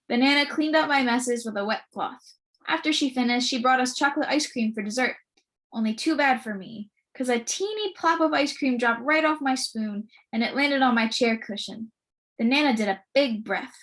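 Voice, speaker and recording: A woman reading a children's book aloud with lively, expressive storytelling. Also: a little high, moderate pace. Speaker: storybook reader.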